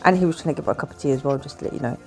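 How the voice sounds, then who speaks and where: A woman chatting quietly and enthusiastically as she talks through a building video. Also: deep voice, rapid-fire, faint music behind. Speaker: Lego building vlogger. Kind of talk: casual chat over a build video.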